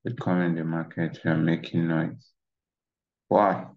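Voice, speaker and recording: Speaking low with little movement in pitch, this man goes a little slowly as he talks through trading charts. He's a trading instructor giving a casual screen-share tutorial, rambling, saying "you know" often, and recorded through a dull lo-fi mic.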